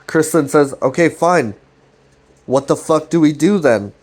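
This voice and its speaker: Speaking at a measured pace in a husky, fairly high voice, this man hosts a commentary channel and walks through a web series one scene at a time. His retelling is casual and rambling, full of free swearing and loose paraphrases of what the characters say.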